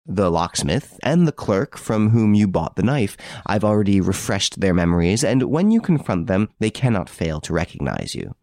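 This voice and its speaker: A man's voice: fairly low pitch, huge pitch swings, moderate pace, few pauses, a little mellow, no echo. A man reading an audiobook, voicing a cool, menacing middle-aged ex-detective who speaks in a dry, hard, precise way. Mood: cold, assured.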